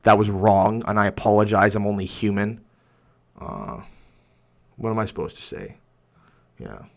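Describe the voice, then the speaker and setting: This young livestream host has a fairly low, gravelly voice that's very animated, delivered at normal speed. He reads viewer comments out loud in a heated rant, rambling and restarting his sentences again and again.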